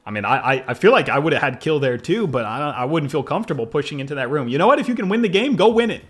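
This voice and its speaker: A young man with a slightly high voice talks through replays of his own matches, excitable and quick to laugh. His delivery jumps around as the action unfolds, and faint music plays underneath. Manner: excitable, fast-shifting, laughs often. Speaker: gaming video creator. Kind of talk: gameplay replay commentary.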